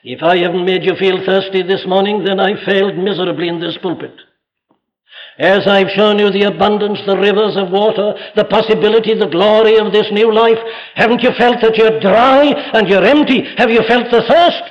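High-voiced male preacher, fervent and exhorting, on a dull lo-fi sermon recording. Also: steady tone, moderate pace. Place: church pulpit.

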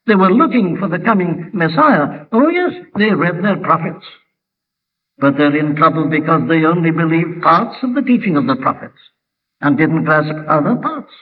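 Male preacher, emphatic and questioning, recorded from far back in a long-reverb hall. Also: on the high side. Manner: rhetorical questions, emphatic build-ups. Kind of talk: sermon. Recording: distant phone-like hall recording.

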